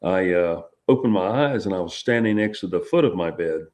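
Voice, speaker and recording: A middle-aged man, telling a personal experience as an interview guest in a halting, rambling way full of restarts. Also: low-pitched, animated, a little mellow.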